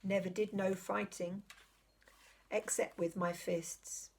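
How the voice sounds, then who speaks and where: A woman's voice: mid-range voice, very animated, a little slow, gravelly, slightly rough, full character voice. A woman reading aloud, voicing a modest, honest male cabbie with a Cockney accent who speaks deferentially. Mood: humble. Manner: shy, deferential, plain-spoken. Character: humble middle-aged male London cabbie, modest and honest.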